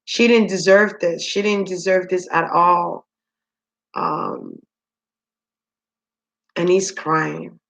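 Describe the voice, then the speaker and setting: A woman giving a spiritual reading to her viewers, musing aloud with many pauses, ums and repeated words. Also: lowish voice, animated, gravelly, a bit bright. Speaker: spiritual reader. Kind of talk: psychic reading monologue.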